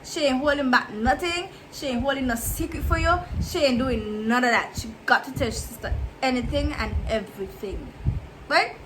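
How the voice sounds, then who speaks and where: A woman's voice: sits high, normal speed, background noise. A woman vlogger in casual storytime mode, chatty and emphatic, repeating herself and making asides to her viewers.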